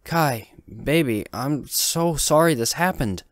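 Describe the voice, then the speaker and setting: A man voicing an anxious, loving mother who speaks softly, tenderly and hesitantly. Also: fairly high pitch, expressive, slow pace, no echo, clean studio sound, voice pushed up.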